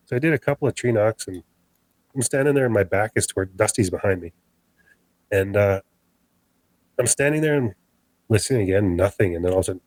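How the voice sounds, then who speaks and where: A man's voice: fairly low pitch, a little fast, no room sound, low-quality recording. A man telling a tense story of his own encounter as a podcast guest, acting out the voices of what was said. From Canada. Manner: animated, acts out quoted dialogue.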